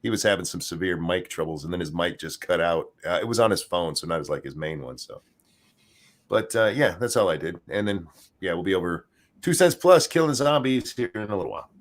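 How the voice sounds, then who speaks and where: Tired, deep-voiced older man, grandpa type; rambling casual chat, drops the odd curse. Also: animated, a little fast. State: worn out, weak. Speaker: podcast co-host.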